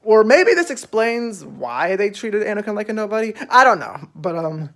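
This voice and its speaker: A man's voice: sits high, very animated, moderate pace, fairly bright tone. Rambling young man recapping a show. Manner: rambling, filler-heavy, swears freely. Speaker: show reviewer. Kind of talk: casual episode recap.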